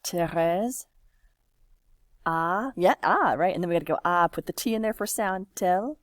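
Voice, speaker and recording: A woman's voice: fairly low pitch, no room sound. A woman teaching a French lesson, patiently walking a class through examples while typing and encouraging answers. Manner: patient, encouraging, slow and drawn-out.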